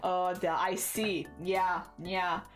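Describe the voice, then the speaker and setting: A woman's voice: on the low side, level tone, slow, faint music behind. A young British woman streaming while she crafts, chatting casually and self-deprecatingly with her viewers, often sighing "oh dear".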